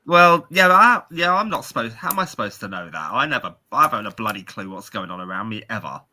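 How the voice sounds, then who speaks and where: A man's voice: on the low side, very animated, quick pace, sharp tone. A British man in his forties co-hosting a podcast, telling rambling, self-mocking stories in casual chat. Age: 40s. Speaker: podcast co-host.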